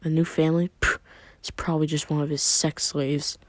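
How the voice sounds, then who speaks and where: A man voicing fearful villagers who gossip in hushed mutters. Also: on the high side, little pitch movement, a little fast, dry recording, lightly acted. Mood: muttering.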